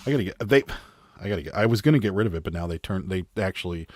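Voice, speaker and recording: A man's voice: sits low, lively intonation, very fast, a little mellow. A man hosting a live stream, chatting casually and joking as he reads viewer comments, with a Western Pennsylvania accent. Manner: rambling, joking, wry.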